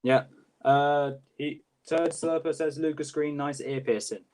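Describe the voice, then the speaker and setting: A young man chatting casually as a co-host ranking books, halting and full of fillers. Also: a little high, steady tone, darkish tone. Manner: quick, halting, many fillers. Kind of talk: casual livestream chat.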